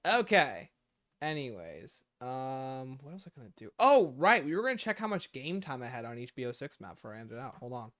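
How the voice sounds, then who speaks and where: Male streamer, lively pitch, bright voice, joking casual chat, dry close sound. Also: brisk, no room sound. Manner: animated, joking, thinking aloud.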